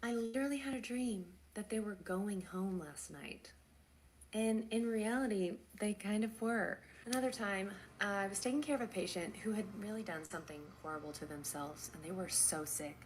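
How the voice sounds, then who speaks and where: A young woman, a nurse, telling a story casually and acting out the dialogue with lively swings in her voice. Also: normal speed, slight background noise. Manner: animated, acts out quoted dialogue with big pitch jumps.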